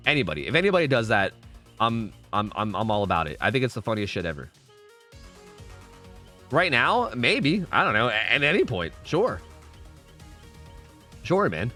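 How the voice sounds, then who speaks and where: A man's voice: mid-range voice, huge pitch swings, normal speed, pauses often, sharp tone, soft background music. A young man streaming a game, talking casually and rambling with his viewers, swearing freely.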